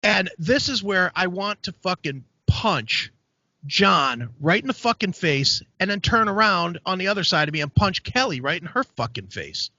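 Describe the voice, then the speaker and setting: High, lively man telling a profane story. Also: normal speed, no echo. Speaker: podcast host. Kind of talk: casual chat. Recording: dry, dull lo-fi sound.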